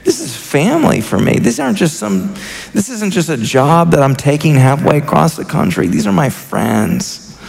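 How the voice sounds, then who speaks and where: A man in his thirties delivers a sermon in an earnest, impassioned way, his fairly high voice carrying a gravelly edge. He often restarts his sentences as he works through his thoughts. The words ring out through a reverberant church hall with faint music underneath. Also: big pitch swings, moderate pace, a little mellow. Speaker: senior pastor. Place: church sanctuary.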